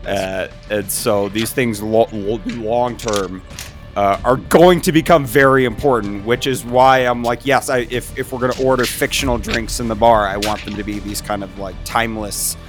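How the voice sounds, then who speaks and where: A man's voice: fairly low pitch, moderate pace, soft background music. A man leading a script read-through in casual chat, rambling and cutting himself off. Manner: rambling, self-interrupting.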